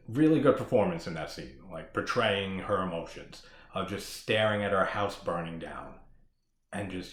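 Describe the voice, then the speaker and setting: Man, low voice, casual spoiler chat, profane and rambling, echoey room. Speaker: horror movie podcast host.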